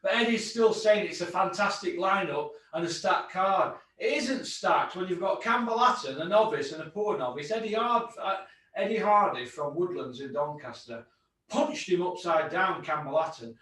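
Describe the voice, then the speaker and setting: A man's voice: high voice, animated, normal speed, fairly bright tone. A man hosting a boxing podcast, blunt and sweary, ranting about fights. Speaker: host. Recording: very echoey room, distant mic.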